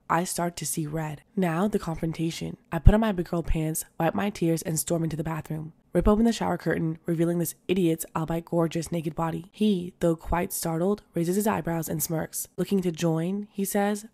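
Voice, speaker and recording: Lower-voiced woman reading stories aloud. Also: creaky, darkish tone. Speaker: storytime narrator.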